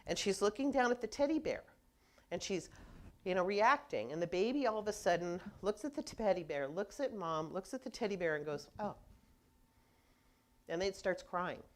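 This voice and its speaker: A woman's voice: medium pitch, lively intonation, fairly quick. A woman minister preaching a conversational sermon, telling stories and acting out people's reactions as she goes.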